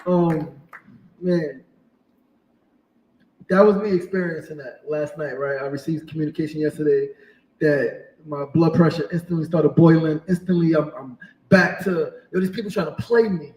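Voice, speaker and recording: Candid man in his forties, high voice. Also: moderate pace, a little mellow, roomy sound, far from the mic, slight background noise, rough recording. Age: 40s. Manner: emotional, open, candid storytelling. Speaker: podcast host. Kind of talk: casual interview conversation.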